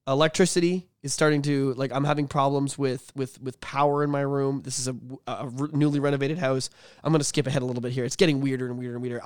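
A young man tells a story on a podcast in a casual, animated way. He swears often and rambles with lots of fillers. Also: fairly high pitch, smooth, no echo, clean studio sound. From Canada. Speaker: podcast host.

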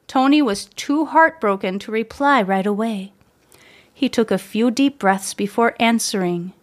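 A woman narrating a children's story aloud, gentle and measured. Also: on the high side.

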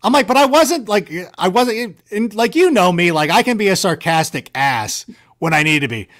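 A man telling rambling, self-mocking anecdotes in a casual chat, with lively jumps in his voice. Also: high-pitched, moderate pace.

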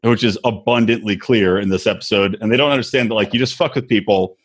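A man's voice: fairly low pitch, fast, husky. A man co-hosting a podcast, telling stories in a profane, sarcastic, casual way. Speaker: podcast co-host. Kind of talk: casual chat.

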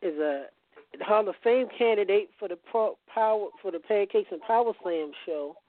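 A man's voice: high-pitched, moderate pace, no echo. A man as a podcast guest in casual chat, rambling and repeating words as he goes. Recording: tinny phone-like line.

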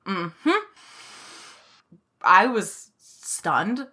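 Bright-voiced young woman telling a story. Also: mid-range voice, expressive, very slow, breathy edge. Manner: laughs often, swears casually. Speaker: podcast co-host. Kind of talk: casual storytelling chat.

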